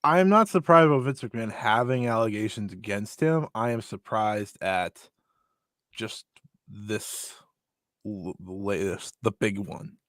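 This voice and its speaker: Male podcast co-host, low voice, dry close mic, blunt and emphatic. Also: unhurried, fairly bright tone, dry recording. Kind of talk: casual chat.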